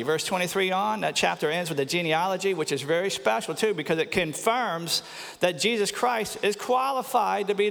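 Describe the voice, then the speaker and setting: A pastor preaching a sermon with earnest emphasis, slowing down on key phrases and sometimes repeating words. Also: male voice, high-pitched, creaky, a bit bright. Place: church sanctuary. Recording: long church hall reverb.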